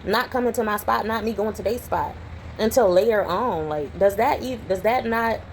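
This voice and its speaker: A young adult woman, chatting casually to camera at home as a vlogger and telling stories in a lively way. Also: medium pitch, moderate pace, slight background noise, low-quality recording. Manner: chatty storytelling, animated when retelling. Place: home, indoors.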